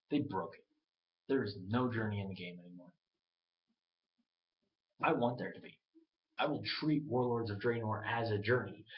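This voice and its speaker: A man ranting casually into his webcam, animated and profane, acting out other people's lines as he goes. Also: fairly low pitch, dull audio. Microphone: webcam mic.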